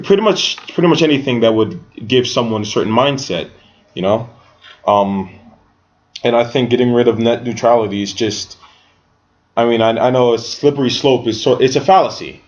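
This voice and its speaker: A man co-hosting a casual podcast discussion, halting and often restarting as he searches for words. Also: lowish voice. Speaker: podcast co-host. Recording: dull lo-fi sound.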